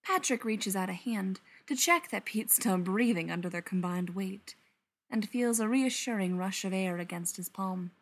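Woman narrator, story reading, expressive, lively pitch, mid voice. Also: moderate pace.

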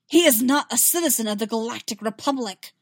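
A woman voicing a young queen who speaks coldly and forcefully. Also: mid-range voice, moderate pace, no echo, studio quality, natural voice. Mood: defiant. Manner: cold, forceful. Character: cold defiant young queen.

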